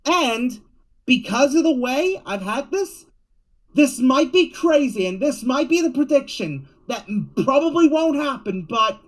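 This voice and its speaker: A man's voice: very high voice, low-quality recording. A man co-hosting a podcast, sharing predictions in casual chat and thinking aloud with lots of hedging. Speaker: podcast co-host.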